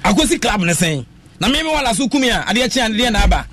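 A man with a Ghanaian accent and a high, bright voice full of big pitch swings talks football quickly and passionately as a panelist on a radio sports show. His animated talk mixes English and Twi and slips into sing-song phrases.

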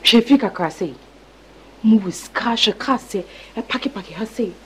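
A woman's voice: on the high side, expressive, normal speed, a bit bright, slight background noise. An actress playing a suspicious woman questioning her family in a film scene. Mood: probing.

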